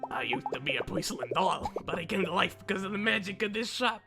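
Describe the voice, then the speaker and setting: A woman voicing a lazy middle-aged man who lounges around a shop, speaking in a deadpan drawl. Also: medium pitch, quick pace, vocal fry, loud music behind the voice.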